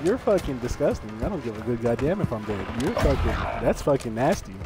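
A young man live-streaming a shooter game, trading profane, loud trash talk with his teammates. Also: medium pitch, very animated, fairly quick, over loud music. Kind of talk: live gaming stream with voice chat. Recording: loud gunfire and game sounds behind. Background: shooter game audio, gunfire.

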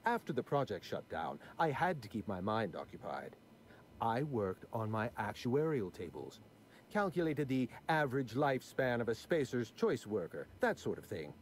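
A man's voice: mid-range voice, slight background noise. An actor playing a prim, numbers-obsessed aristocratic man in video game dialogue, fussy and condescending with precise diction.

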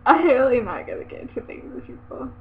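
High-pitched giggly teenage girl ranting. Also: big pitch swings, fast talker. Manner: chatty, giggly, rambling and exasperated. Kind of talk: casual webcam vlog rant. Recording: tinny phone-like webcam audio, faint hiss.

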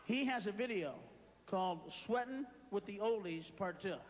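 A man's voice: sits high, lively intonation, moderate pace, background noise. Male stand-up comic, profane screaming rants, handheld mic, big theater echo, audible crowd. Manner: profane ranting, sudden screams. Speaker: stand-up comedian. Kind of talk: live stand-up routine. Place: large theater stage. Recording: live theater reverb with crowd.

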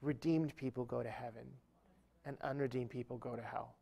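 A man's voice: mid-range voice, steady tone, normal speed, gravelly, dark tone, husky. A man speaking at a church event, telling a humorous, self-deprecating story within a sermon-style talk.

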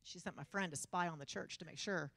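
A Texas woman with a fairly low, gravelly voice preaches a humorous sermon at a brisk clip, with no echo. She tells stories animatedly, mocks herself, and laughs often.

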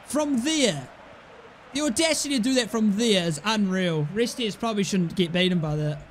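A young man commentating his own football game play, excitable, grumbling at misses and yelling at goals. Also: high voice, moderate pace, slight background noise. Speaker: gaming YouTuber. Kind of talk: casual gameplay commentary.

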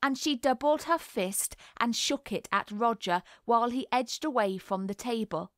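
A woman narrating a classic novel in a measured, deliberate reading voice. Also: on the high side, no room sound, studio quality. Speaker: audiobook narrator. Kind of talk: scripted literary narration.

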